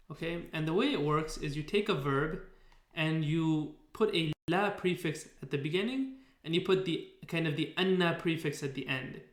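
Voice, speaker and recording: A man with a slightly high voice teaches a recorded lesson, explaining step by step with plenty of ums and self-corrections. The sound has a roomy echo around it. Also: fairly bright tone. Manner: patient explaining with fillers and restarts. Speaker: Arabic teacher. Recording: echoey room.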